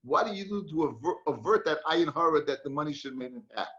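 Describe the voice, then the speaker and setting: A man teaches a Talmud class in a chatty, storytelling way, mixing Hebrew and Yiddish words into his English. His voice sits fairly high. The recording sounds dull and lo-fi. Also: lively intonation, fast talker, a bit bright, roomy sound, a little hiss or hum.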